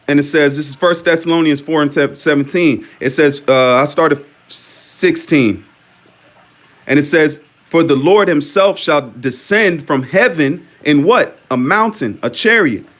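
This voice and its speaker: Male commentator, a bit high-pitched, reads scripture aloud and keeps asking rhetorical questions. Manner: repetitive, questioning, ends phrases with "man". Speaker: religious commentator.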